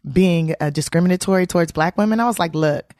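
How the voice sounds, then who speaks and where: A woman's voice: fairly low pitch, fast, no room sound, studio quality. A woman comedian being interviewed, telling stories in a casual way and acting out the voices of people she quotes. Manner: animated storyteller, acts out quoted voices. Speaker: comedian guest.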